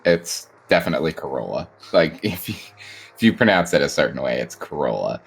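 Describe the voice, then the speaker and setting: A man with a very low voice co-hosts a casual movie podcast. He cuts in bluntly, swears freely and jokes about the film. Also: very animated, a little fast, gravelly, breathy edge, soft background music. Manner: blunt, profane, jokey asides. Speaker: podcast co-host. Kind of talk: casual film-review chat.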